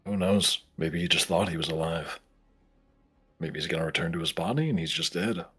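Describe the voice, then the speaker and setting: A man with a very deep, husky voice narrates as game master of a tabletop game. He describes scenes in detail and keeps the tone playful. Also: normal speed, a bit bright.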